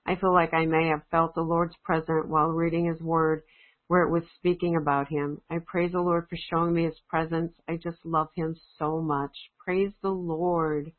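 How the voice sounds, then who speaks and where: A woman's voice: low voice, flat delivery, moderate pace. Woman reading praises over a phone line. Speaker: prayer-call member reading praise reports. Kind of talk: reading praise reports aloud. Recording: tinny phone-line audio.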